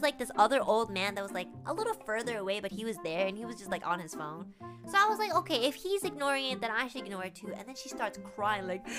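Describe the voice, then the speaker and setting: A young woman streamer telling a story in casual chat, lively and full of "like" fillers. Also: on the high side. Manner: animated, with many "like" fillers and laughs. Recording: background music.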